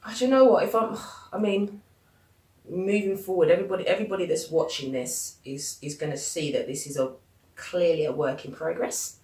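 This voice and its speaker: A blunt young woman chats casually as a podcast host, dropping swear words as she goes. Her voice sits on the low side. She is recorded in an echoey room, some way off the mic. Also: a little fast, recorded from a distance. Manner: blunt, swears freely, lively storytelling. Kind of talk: casual chat.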